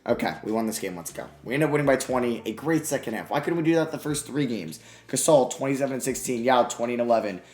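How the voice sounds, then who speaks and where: A young man commentating over his own video game, excitable, swinging between grumbling and yelling. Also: mid-range voice, fast talker, few pauses, echoey room. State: out of breath. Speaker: gaming YouTuber.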